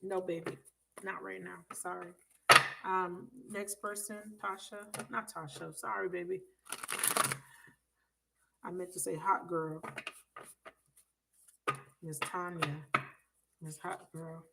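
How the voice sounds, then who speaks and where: A woman's voice: lowish voice, fairly even intonation, slow, creaky, pauses often, heavy background noise. A woman reading tarot for viewers on a live stream, chatty and blunt, swearing freely and calling them baby. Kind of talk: casual live reading chat. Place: at home.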